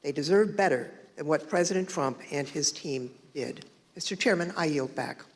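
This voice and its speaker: A woman on a committee reading a prepared statement at a hearing, formal and steady. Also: sits low, normal speed, long reverb tail. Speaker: committee member.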